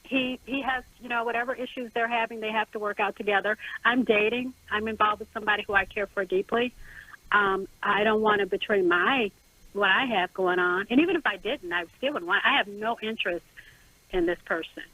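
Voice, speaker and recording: A middle-aged woman calling in to a radio advice show, speaking haltingly with many restarts. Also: mid-range voice, pushed and bright, no room sound. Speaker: caller. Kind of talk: call-in radio question. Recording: phone line.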